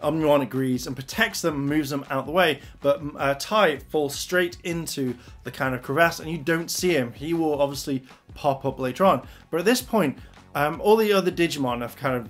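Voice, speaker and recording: Brief: rather high-voiced male reviewer, chatty and excitable, faint music underneath. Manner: excitable, animated retelling with acted-out quotes. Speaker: anime reviewer. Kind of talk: casual spoken review.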